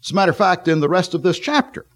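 A middle-aged man preaching a sermon, leading his listeners through scripture passages and pausing often with fillers as he reads. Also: sits high, expressive. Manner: halting, frequent fillers and restarts while reading scripture.

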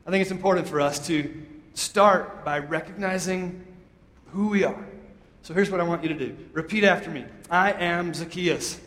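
Man, pastor, sermon, emphatic and conversational, slightly high pitch, roomy echoing sanctuary. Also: normal speed, a bit bright. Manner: call-and-response, emphatic and conversational. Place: church sanctuary. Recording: echoey hall, long reverb.

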